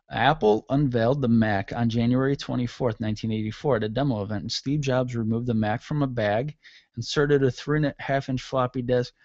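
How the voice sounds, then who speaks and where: A man's voice: medium pitch, a little mellow, no room sound. A man in his thirties hosting a solo talk radio show, rambling through sarcastic, irreverent jokes. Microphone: studio mic with mixer. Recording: dull lo-fi dry sound.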